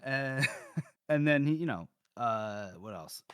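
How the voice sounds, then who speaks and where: A man of mid pitch recaps a novel's chapters in a relaxed, chatty way, sliding into quick impressions of the characters. He is close to the mic, with a dry, dead sound. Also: smooth, dry recording. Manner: recaps scenes, acting out characters' lines. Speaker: podcast co-host. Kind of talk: casual book-discussion chat.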